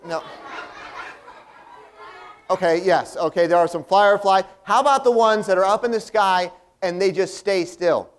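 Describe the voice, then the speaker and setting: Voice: mid-range voice, moderate pace, long pauses, a faint crowd, a little hiss or hum. A performer playing the earnest straight man in a comedy routine, patiently explaining things with stammering restarts.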